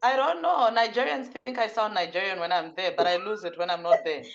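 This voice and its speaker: A woman hosting an online interview, playful and quick to laugh, heard over a video call. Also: mid-range voice, creaky, slight background noise. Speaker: host. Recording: dull lo-fi video call audio.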